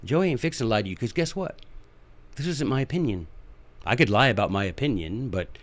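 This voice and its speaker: A fired-up man hosts his own show, driving his points home and repeating them for emphasis. His pitch swoops and jumps as he talks, and his speech stays folksy and emphatic. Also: lively intonation, brisk. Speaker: podcast host. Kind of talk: impassioned political commentary.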